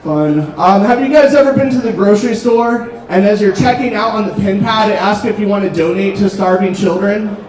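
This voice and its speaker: A man doing a stand-up set, telling dark jokes in a deadpan way with frequent ums, on a restaurant comedy stage. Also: sits high, a little fast, few pauses. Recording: roomy club, distant mic, crowd noise. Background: audience laughter.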